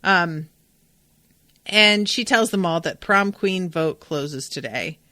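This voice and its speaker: A woman's voice: on the low side, slow pace, dry recording. Profane, chatty woman podcast host. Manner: animated, profane, digressive. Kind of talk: casual episode recap.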